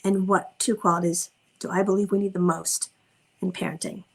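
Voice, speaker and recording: A woman parenting coach giving an informal teaching talk, gentle and reflective, slowing down to stress key words. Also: fairly low pitch, flat delivery, creaky, poor audio. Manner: gentle, reflective, slows down for emphasis.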